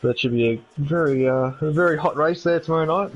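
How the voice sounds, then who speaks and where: A man's voice: fairly high pitch, quick pace. Joking male co-commentator, dull lo-fi audio. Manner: joking, laughs easily. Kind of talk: live stream sim racing commentary.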